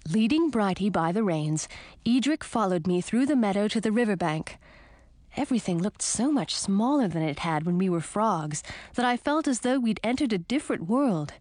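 A woman narrating a storybook in the first person with an expressive reading. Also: mid-range voice, normal speed, no echo, studio quality. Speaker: audiobook narrator.

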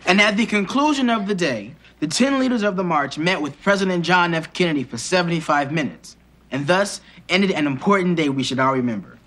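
A man's voice: high voice, lively intonation, fairly quick, a bit bright, a little hiss or hum. An actor playing an earnest teenage boy who reads his school report aloud and defends it to his family. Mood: reading. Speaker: son reading a school report.

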